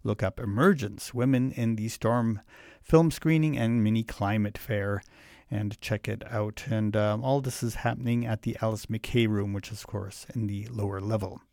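A man's voice: fairly low pitch, fairly even intonation, normal speed, creaky, darkish tone, no room sound, studio quality. A man hosting a community radio music show, talking casually and rambling a little between fillers and asides. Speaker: radio host. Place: radio studio. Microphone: studio mic.

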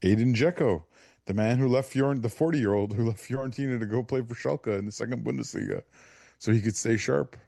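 A man's voice: medium pitch, fairly quick, gravelly, dark tone, no room sound, studio quality. A man hosting a casual football chat, rambling and restarting as he reads from his notes. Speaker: host.

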